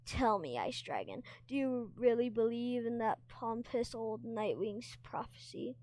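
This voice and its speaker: A woman's voice: a little high, lively intonation, measured pace, darkish tone, pitched above the performer's own voice. A woman voicing a cruel, mocking female sand dragon who wants to be queen, with a sneering, taunting manner. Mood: scornful.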